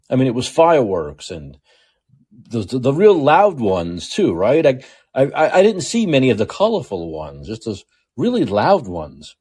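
A man's voice: medium pitch, a little mellow, husky. A man with a New York accent hosting a political commentary monologue, emphatic and repetitive as he restates his points. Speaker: show host.

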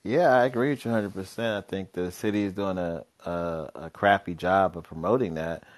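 A man co-hosting a podcast in casual chat, animated and laughing often, slipping into playful voices. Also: low voice, brisk. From Philadelphia. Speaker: podcast co-host.

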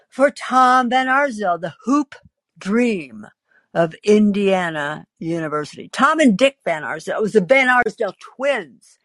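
A woman's voice: on the low side, lively intonation, a little slow, a bit bright, no room sound. An older woman hosting a podcast, telling her own story in a wry, confiding way with frequent hesitant fillers. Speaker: podcast host. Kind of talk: storytelling monologue.

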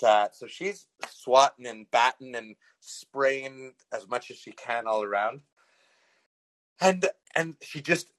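A man's voice: medium pitch, fairly bright tone, low-quality recording. A middle-aged man from Canada telling a personal story as a podcast host, rambling with many fillers and chuckling as he goes. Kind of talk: casual storytelling.

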